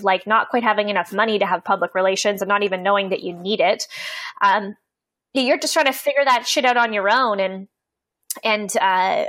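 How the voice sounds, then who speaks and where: A woman's voice: medium pitch, fairly bright tone, dry recording. A woman from Canada, a guest in an interview, talking candidly in an earnest, reflective way, swearing freely, with many fillers and restarts. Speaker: interview guest, poet and coach.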